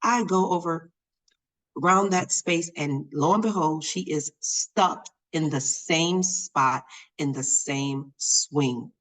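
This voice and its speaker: Animated woman telling a personal story. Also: deep voice, slow, rough recording. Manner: animated, expressive, lots of fillers. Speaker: podcast host.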